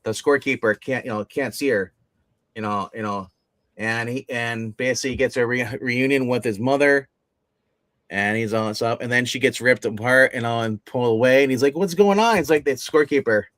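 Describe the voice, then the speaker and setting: A man on a casual comic review livestream, talking with lots of fillers and restarts and getting animated as he retells scenes. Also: medium pitch, brisk, no room sound. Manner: rambling, many fillers and restarts. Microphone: phone.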